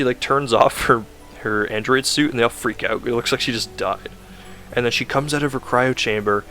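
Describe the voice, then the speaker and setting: A man's voice: mid-range voice, a bit bright. A man casually rambling through a recap of a video game plot, full of "like" fillers and self-corrections.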